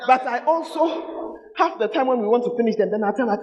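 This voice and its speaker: High-pitched, lively male preacher. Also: fairly quick, long reverb tail, lo-fi sound. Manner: swings from shouting to low intense delivery. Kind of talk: sermon.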